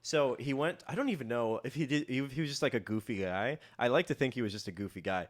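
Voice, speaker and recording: A man's voice: medium pitch, fast talker. A man co-hosting a comedy podcast, telling a history story in a rambling, joking way and laughing often. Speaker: podcast co-host. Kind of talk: casual comedic chat.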